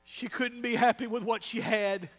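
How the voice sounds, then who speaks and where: A man's voice: very high-pitched, level tone, normal speed, fairly bright tone. A man preaching a sermon as pastor, emphatic and repeating phrases for effect. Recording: long hall reverb.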